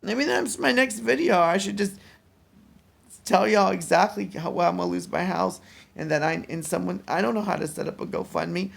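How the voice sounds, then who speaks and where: Exhausted man, very gravelly voice, fairly high pitch, rambling vlog talk with restarts. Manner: weary, rambling, halting restarts. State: mentally exhausted. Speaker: vlogger. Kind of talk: casual personal vlog.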